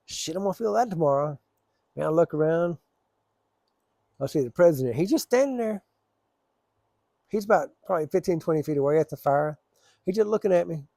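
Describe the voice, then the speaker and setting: Man, fairly high voice, dry close sound, loose profane storytelling. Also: animated, brisk, creaky, pauses often, warm tone, no room sound. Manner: rambling, profane, laid-back. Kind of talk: casual storytelling.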